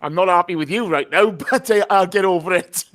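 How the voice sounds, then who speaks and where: A man's voice: high-pitched, fairly quick, a bit bright. An English man hosting a casual football podcast, chatty and jokey, swearing freely. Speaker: podcast host.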